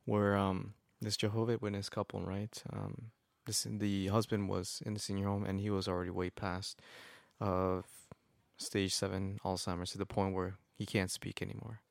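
Low gravelly man, earnest and reflective. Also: flat delivery, moderate pace, no echo. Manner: earnest, reflective, with fillers like right. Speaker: podcast co-host. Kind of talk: casual chat.

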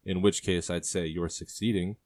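A man voicing a sly, determined young woman in a storybook reading, teasing and quick-witted. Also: deep voice, fairly even intonation, darkish tone, natural voice.

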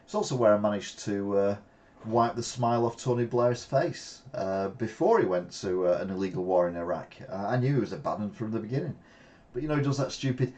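A man's voice: lowish voice, fairly quick, darkish tone. Man riffing on news headlines. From Britain. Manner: reads headlines then riffs with asides. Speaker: host of a live weekly news show. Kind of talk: casual news commentary.

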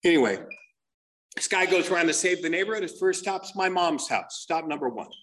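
A man doing a crude, rambling stand-up comedy set, telling stories with animated put-on voices. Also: fairly high pitch, a little fast, noisy background.

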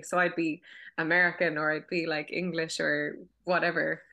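A woman's voice: low-pitched, moderate pace, bright, forceful tone. A woman from Cork in her thirties with a Cork Irish accent, a filmmaker chatting at home in a casual interview, talkative, with frequent restarts and fillers. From Cork, Ireland. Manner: chatty, many restarts and fillers, laughs often. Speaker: filmmaker and acting school director.

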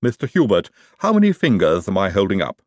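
A man's voice: low voice, wildly swooping pitch, brisk, a little mellow, dry recording, studio quality, exaggerated voice. A man reading an audiobook and voicing a blunt male lab servant who speaks with a lisp. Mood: brisk. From Uberwald. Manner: lisping, blunt.

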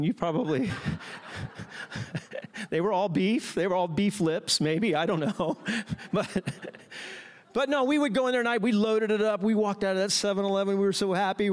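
Middle-aged male pastor, high voice, animated self-mocking sermon storyteller. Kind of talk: sermon with personal stories.

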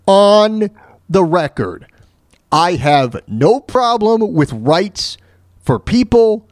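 Animated, higher-voiced ranting male host. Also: no echo, clean studio sound. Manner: ranting, often stumbles and restarts mid-sentence. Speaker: talk show host. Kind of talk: opinionated monologue.

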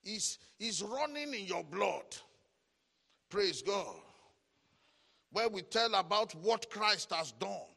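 Raspy, bright-voiced preacher man in a hall. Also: high-pitched, lively intonation, takes it slowly, pauses often. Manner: chanting call-and-response, shouted declarations. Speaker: pastor. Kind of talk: sermon.

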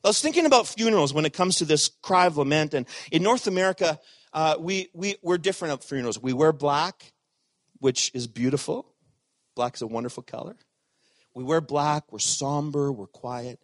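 A middle-aged man preaching a sermon as pastor, animated, swinging from loud emphatic lines to hushed asides. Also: a little high, moderate pace, no echo.

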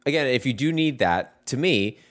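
A man's voice: mid-range voice, expressive, normal speed. A man co-hosting a gaming podcast, chatting in a laid-back way with dry jokey asides. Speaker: podcast co-host. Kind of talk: casual chat about video games.

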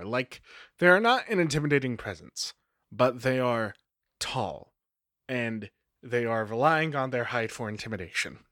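A man narrating as game master in a relaxed, rambling way, full of fillers and self-corrections. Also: mid-range voice, no echo, studio quality. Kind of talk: casual tabletop game narration.

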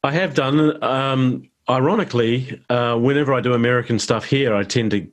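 A middle-aged man with a New Zealand accent, chatting as a guest actor in an interview, relaxed and self-deprecating. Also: medium pitch, moderate pace. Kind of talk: casual interview chat.

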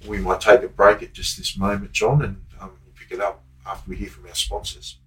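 Low-voiced Australian host over guitar music. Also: male voice, level tone, a little fast, fairly bright tone, rough recording. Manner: prompting, brief questions and links. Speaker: podcast host and crime tour guide. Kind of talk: interview hosting.

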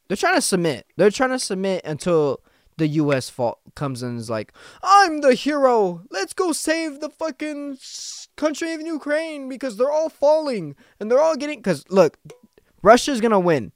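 Young guy hosting a solo podcast rant, profane and rambling, with a smooth voice and a dry sound. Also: mid-range voice, dry recording. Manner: profane, rambling, restarts often. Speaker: podcast host.

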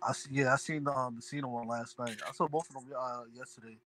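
A man guesting on a podcast, chatting in a laid-back, slangy way that often trails off quietly. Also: mid-range voice, steady tone, fast, poor audio. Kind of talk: casual chat.

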